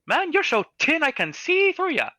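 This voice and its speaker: A man doing a squeaky tipsy gnome. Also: huge pitch swings, normal speed, sharp tone, no echo, exaggerated voice. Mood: chatty. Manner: chatty, jovial, squeaky high voice. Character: cheerful tipsy little male gnome. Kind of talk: tabletop game role-play.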